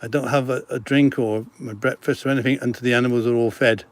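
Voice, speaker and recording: A middle-aged man hosting a casual live stream from a farm, chatting warmly about the animals with giggles and cooing baby-talk at them. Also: mid-range voice, fairly even intonation, quick pace, noisy background. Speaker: farm centre host. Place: outdoors on a farm.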